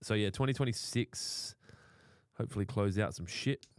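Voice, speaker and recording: A man's voice: fairly low pitch, moderate pace, no room sound, studio quality. An Australian man co-hosting a casual talk show, brash and profane, speaking bluntly and cracking crude jokes. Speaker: podcast co-host.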